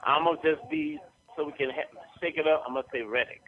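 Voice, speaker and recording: Male sports radio host, emphatic and excitable, slightly high pitch. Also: quick pace, phone-quality sound. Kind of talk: sports talk radio banter.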